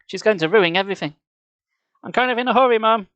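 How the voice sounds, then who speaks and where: A man voicing a young teenage girl who is thrilled with her scary mask, reading her lines with excitement. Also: fairly high pitch, fairly quick. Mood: anxious. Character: scheming young teen girl in a monster mask.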